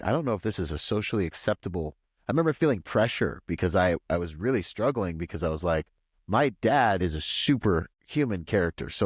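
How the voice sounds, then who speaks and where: A man from Washington State, a podcast guest, telling a long personal story in a rambling, animated way full of "like" and "you know.". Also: no echo, clean studio sound. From Washington State, USA. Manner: acts out quoted voices with pitch jumps. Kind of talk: casual storytelling interview.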